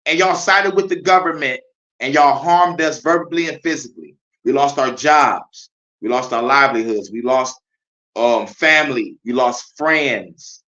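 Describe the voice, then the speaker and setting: A man's voice: on the high side, a little slow, pushed and bright. A man hosting his own vlog, ranting in heated, profane commentary and laughing often. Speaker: vlog host. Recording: dull lo-fi sound.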